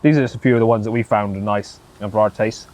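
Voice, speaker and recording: Man, fast talker, teasing, casual banter, outdoors by the water. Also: on the low side, steady tone, darkish tone, slight background noise. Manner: teasing, joking. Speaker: channel host filming. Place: outdoors on a fishing bank.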